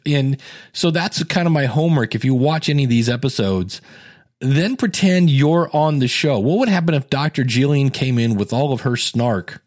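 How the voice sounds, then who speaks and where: A man chatting casually about a TV show, with animated asides and quick mock voices. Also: fairly high pitch. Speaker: show reviewer. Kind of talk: casual chat.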